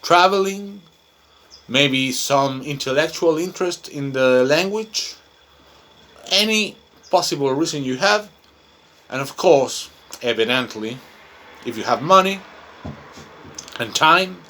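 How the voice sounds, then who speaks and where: A man's voice: fairly high pitch, lively intonation, takes it slowly, pauses often, sharp tone. A Chilean man, a native Spanish speaker, who teaches English and talks through an unplanned monologue in a rambling, talkative way, full of fillers. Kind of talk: improvised self-recorded monologue.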